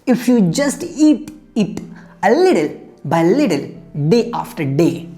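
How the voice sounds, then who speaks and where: A man's voice: fairly high pitch, dark tone. A man voicing a friendly but pushy male bull who coaxes a bird in a spoken fable. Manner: insistent, coaxing.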